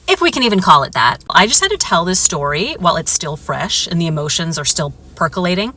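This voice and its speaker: A woman's voice: low voice, bright, forceful tone. A woman sitting in her car, casually telling a story to camera with wry asides.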